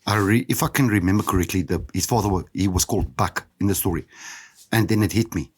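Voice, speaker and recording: A South African man in his fifties, hosting a podcast and telling his own story in a candid, reflective, halting way. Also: low-pitched, slightly rough. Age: 50s. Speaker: podcast host. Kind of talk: personal storytelling monologue.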